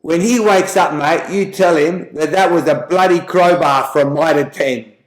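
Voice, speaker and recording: A man's voice: fairly high pitch, unhurried, lightly acted. Man doing a blunt Aussie bar bloke. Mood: deadpan. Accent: Australian. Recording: roomy echo.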